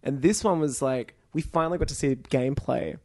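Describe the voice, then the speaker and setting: A man's voice: medium pitch, brisk, mellow, no echo, clean studio sound. A man co-hosting a casual gaming podcast, rambling and laughing often. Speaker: podcast co-host.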